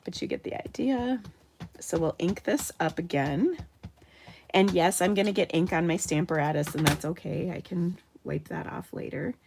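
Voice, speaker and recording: A woman's voice: fairly low pitch, normal speed, creaky, noisy background. Chatty, upbeat woman crafter. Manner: chatty, upbeat, laughs often. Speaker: card-making tutorial host. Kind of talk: live craft demonstration.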